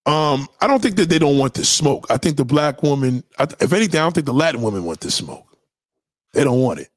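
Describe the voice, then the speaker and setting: A man with a mid-range, very animated voice talks fast in clean studio sound with no echo. Hosting a livestream and reacting to his chat in unscripted commentary, he rants bluntly and profanely, hammering his points home through repetition.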